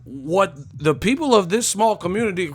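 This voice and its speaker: A man voicing a TV news reporter who drops his polished delivery and starts yelling and swearing. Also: high voice, expressive, moderate pace, voice pushed up. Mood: outraged. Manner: shouting and swearing after a formal news-anchor opening.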